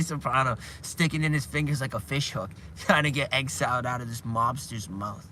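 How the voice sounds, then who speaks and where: A man's voice: mid-range voice, a little fast, hardly any pauses, sharp tone, slight background noise. A man chatting casually on a live stream, rambling and restarting his sentences, chuckling now and then. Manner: rambling, restarts often, chuckles while retelling scenes.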